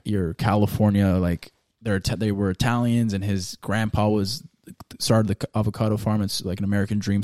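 Excitable, swearing man with a dark voice. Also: fairly low pitch, no room sound, studio quality. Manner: excited, swears a lot, switches into Spanish. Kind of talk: casual chat.

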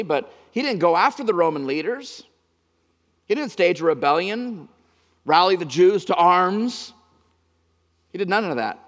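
A male pastor preaches with a slightly raised voice, pressing hard on some lines and dropping almost to a murmur on others. His words ring out with a long hall reverb, as in a big church sanctuary. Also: fairly high pitch. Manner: dynamic preaching, swinging from emphatic to hushed. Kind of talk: sermon.

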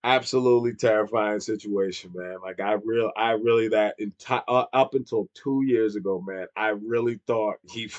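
A man's voice: fairly low pitch, fairly even intonation, normal speed, hardly any pauses, lo-fi sound. A man in his thirties telling a funny childhood story in casual chat, swearing freely and laughing often. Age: 30s.

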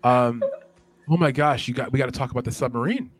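A man hosting a casual chat, teasing his co-host and reacting with quick exclamations. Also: mid-range voice, a crowd in the background.

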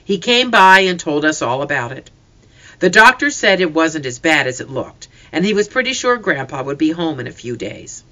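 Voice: medium pitch, big pitch swings, moderate pace, pushed and bright. A reader voicing a tender, emotional farm mother in an audiobook, speaking earnestly. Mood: calm. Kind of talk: audiobook character voice.

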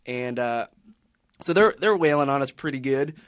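Male podcast panelist, mid-pitch, casual rambling storyteller, dry sound. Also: expressive, moderate pace, dry recording. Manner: rambling, many restarts and fillers.

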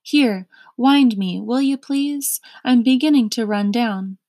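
A woman voicing a loyal male watchdog who speaks in a steady, growling way in a storybook reading. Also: on the high side, slow, dry recording.

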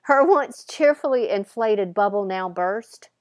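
Female podcast host: lively storyteller, mid pitch, dry close recording. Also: a little slow, no room sound. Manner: playful dramatic storytelling with voiced characters. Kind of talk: storytelling monologue.

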